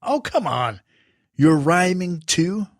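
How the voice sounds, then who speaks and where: Man doing a smart kid hero, kinda protesty, lively voice, dry sound. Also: high voice, slow, no echo, voice pushed up, heavily acted. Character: clever confident young boy hero.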